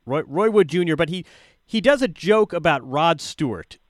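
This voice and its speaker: A man interviewing a guest, asking questions in a halting way and often repeating words. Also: a little high, animated, dry recording, studio quality. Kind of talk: conversational interview.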